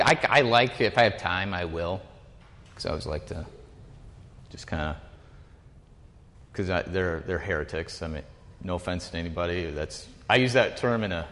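Man, low-ish voice, casual Bible-class teacher; rambles and self-corrects; hall reverb. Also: fairly bright tone. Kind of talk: informal teaching talk to a group.

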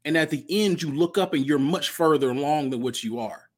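A man's voice: fairly high pitch, a little fast. A man hosting his own podcast, giving an upbeat motivational talk and repeating key phrases for emphasis. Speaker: podcast host and nonprofit founder. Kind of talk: solo podcast monologue.

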